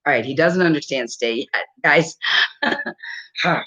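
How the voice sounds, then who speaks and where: A woman vlogger in her fifties chats casually to camera at home with a dog, rambling and laughing often. Her deep voice is unhurried and a bit bright with frequent pauses, captured in a dull lo-fi recording.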